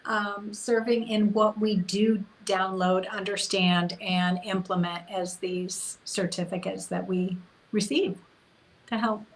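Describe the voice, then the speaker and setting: A woman's voice: mid-range voice, fairly even intonation, slow, poor audio. A woman guest on a podcast, speaking earnestly in spiritual terms. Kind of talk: casual podcast conversation.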